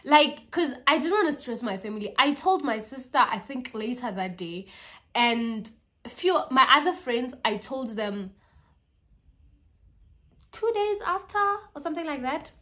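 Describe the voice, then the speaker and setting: A young South African woman with a South African accent, casually telling a personal story to her vlog viewers, chatty and animated. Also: high voice, unhurried. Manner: chatty, animated retelling with quoted voices and code-switching. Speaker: YouTuber.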